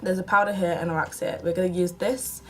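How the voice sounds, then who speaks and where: This young UK beauty vlogger speaks fast in a fairly low, steady voice, recorded in low quality. She chats casually during a makeup tutorial, poking fun at herself and often half-muttering under her breath.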